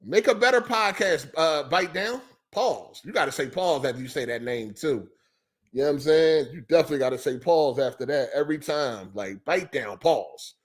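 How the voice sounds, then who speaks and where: A man's voice: on the high side, normal speed. A man hosting a live gaming podcast, ranting heatedly and profanely while answering chat. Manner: profane, animated, talks back to chat. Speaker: podcast host. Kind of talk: heated live-stream rant.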